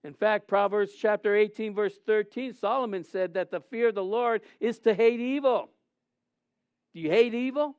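A middle-aged man preaching a sermon as pastor, his delivery swinging between emotional, raised passages and quiet, subdued confessions. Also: sits high, normal speed, clean tone, dry recording, lo-fi sound. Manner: emotional preaching with rising and falling intensity.

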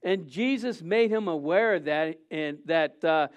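A middle-aged man preaching from the pulpit in a high voice. His tone is smooth and resonant as he speaks to the congregation like a friend, repeating himself and stopping to rephrase. He often throws questions out to the room. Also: unhurried, lo-fi sound. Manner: conversational preaching with rhetorical questions and repetition; frequent restarts and self-corrections. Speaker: senior pastor. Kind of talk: sermon.

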